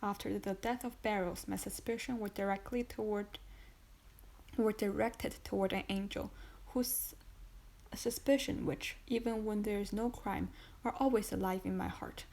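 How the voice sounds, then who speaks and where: A relentless, contemptuous male magistrate, calm and icy as he presses his accusations, read by a woman in an audiobook. His delivery stays level and measured while it cuts. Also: mid-range voice, gravelly, natural voice, poor audio. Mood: cold. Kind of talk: audiobook reading.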